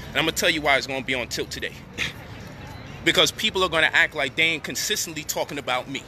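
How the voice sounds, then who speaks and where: Indignant man ranting with a bright edge. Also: on the high side, quick pace, soft background music. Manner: indignant, profane, rising to near shouting at times. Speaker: online commentator addressing his audience. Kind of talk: heated direct-to-camera rant.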